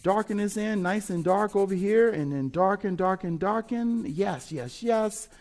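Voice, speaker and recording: Male art teacher, middle-aged, lively and coaxing, a slightly higher voice, chants beats as he draws. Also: unhurried. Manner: upbeat, chanting rhythmic sound words while drawing; encouraging, coaxing. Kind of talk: drawing lesson.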